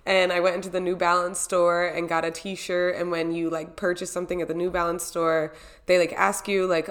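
A young woman tells her story in a loose, chatty vlog recap. Her voice sits a little low for a woman, and she rambles from one moment to the next. She acts out her own reactions as she goes. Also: flat delivery, moderate pace.

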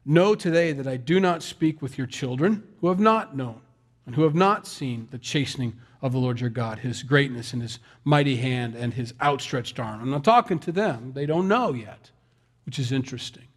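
A man's voice: mid-range voice, expressive, normal speed. A man preaching a sermon in a conversational, folksy way, with self-deprecating asides. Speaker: pastor.

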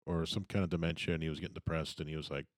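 Deep-voiced man, casual trivia talk, dry close mic. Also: level tone, very fast, no echo. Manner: matter-of-fact, offers trivia. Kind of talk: casual podcast chat.

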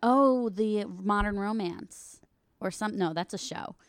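A woman's voice: medium pitch, slow pace, smooth, no echo, studio quality. A woman chatting casually as a podcast co-host, teasing and asking short follow-up questions. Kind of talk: casual chat.

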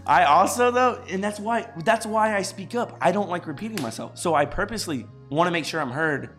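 Lauter junger Mann, lässiges Gespräch. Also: male voice, high voice, brisk, soft background music. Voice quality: loud, carrying voice. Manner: animated, swears casually, laughs often. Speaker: co-host. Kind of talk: casual chat on a live stream. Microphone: studio microphone.

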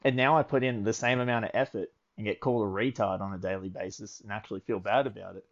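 A man's voice: lowish voice, fairly even intonation, fast. A young man, telling rambling work stories in casual chat. He swears constantly and laughs through his own anecdotes. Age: early 20s. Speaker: podcast co-host. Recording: lo-fi dull audio.

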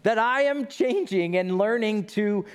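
A pastor in his fifties preaching a sermon, animated and acting out the voices he quotes. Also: sits high, unhurried, clear, resonant tone. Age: 50s. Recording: long reverb of a large hall.

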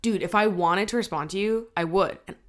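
A woman's voice: mid-range voice, a little fast, fairly bright tone. A young woman hosting a podcast, chatting casually in a blunt, profane way and laughing often. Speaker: podcast host. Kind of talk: casual chat. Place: New York.

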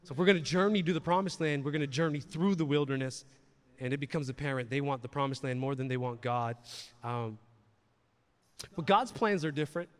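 A man's voice: medium pitch, fairly quick, in a large hall. A man preaching a sermon in a conversational way, repeating words and asking the audience questions. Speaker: pastor. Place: church hall.

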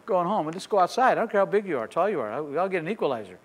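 An older male pastor preaches with a fairly high voice, telling his story by acting out the other people's lines. He repeats phrases and swings from quiet asides up to loud declarations. His voice rings out through a hall with long reverb. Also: rapid-fire, slightly rough. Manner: animated, acts out dialogue, repeats phrases, builds to shouts. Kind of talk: sermon storytelling.

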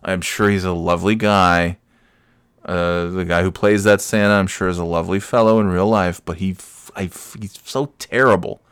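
A man's voice: low voice, fairly even intonation, moderate pace, fairly bright tone, clear, resonant tone, dry recording. A man ranting casually, grumbling and swearing, with frequent restarts. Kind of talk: casual rant.

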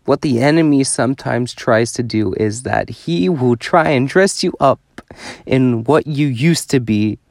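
A man's voice: mid-range voice, measured pace, gravelly, a little mellow, no echo, studio quality. A man preaching a devotional sermon, pleading with his listeners in an earnest, exhorting way.

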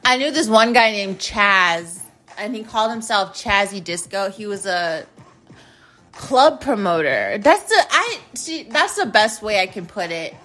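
A woman's voice: mid-range voice, very animated, a little slow, pushed and bright. A woman hosting her own show, ranting casually in a blunt, profane, rambling way. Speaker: host. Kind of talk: casual rant to camera.

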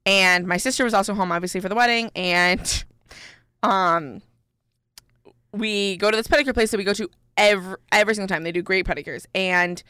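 A woman's voice: medium pitch, brisk, bright, forceful tone, clear, resonant tone, no room sound, clean studio sound. A young woman co-hosting a podcast, telling a long story in a rambling, chatty way full of "like" and "um". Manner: chatty, rambling, heavy use of "like" and "um". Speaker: podcast co-host. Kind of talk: casual storytelling chat.

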